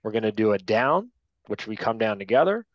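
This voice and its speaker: A man's voice: lowish voice, big pitch swings, fairly quick, dry recording. A man teaching a training class for new sports officials, direct and to the point, often tagging his points with "right?". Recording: dull lo-fi dry sound.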